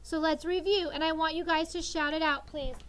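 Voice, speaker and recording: Teaching sixth grade, a woman in her thirties gets her students answering back, animated and coaxing. Her voice is high and a little fast, with a faint hiss or hum on the recording.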